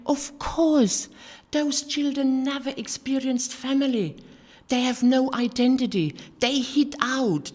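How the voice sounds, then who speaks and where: An older woman gives a personal testimony sermon in an earnest, halting way, with many restarts and fillers. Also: mid-range voice, darkish tone. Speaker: sermon giver. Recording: hall reverb.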